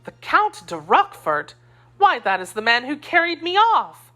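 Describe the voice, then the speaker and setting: A woman's voice: sits high, huge pitch swings, normal speed, bright, forceful tone, pitched above the performer's own voice, exaggerated voice. A woman reading as a scornful, fiery young wife. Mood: indignant. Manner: indignant, scornful, passionate. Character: spirited young woman, loyal to her queen.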